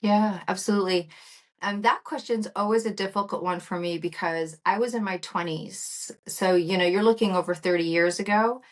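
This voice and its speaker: A woman's voice: mid-range voice, normal speed. A woman in her fifties, a guest entrepreneur in an interview, telling stories animatedly and acting out quoted lines. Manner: animated storytelling, acts out quoted dialogue. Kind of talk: interview conversation.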